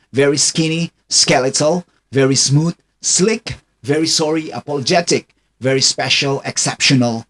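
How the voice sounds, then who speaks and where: A man hosting a casual vocabulary vlog, reading a word list in a steady rhythm after a hesitant, filler-laden opening. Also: medium pitch. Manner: slow, hesitant delivery with many uh fillers. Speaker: host.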